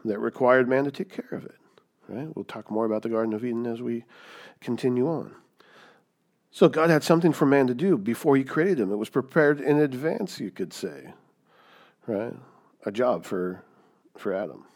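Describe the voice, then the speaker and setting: A man's voice: medium pitch, moderate pace, a little mellow. Guy preaching, casual teaching style, keeps saying right? a lot, medium voice. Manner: conversational, keeps asking "right?". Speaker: pastor. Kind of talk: Bible teaching sermon.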